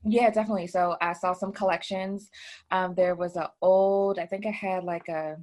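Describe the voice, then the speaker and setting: Interview guest, woman with a lowish voice, relaxed storytelling, lots of fillers. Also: moderate pace. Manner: chatty, telling her story with many fillers. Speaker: credit repair business owner, guest. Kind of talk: casual interview talk.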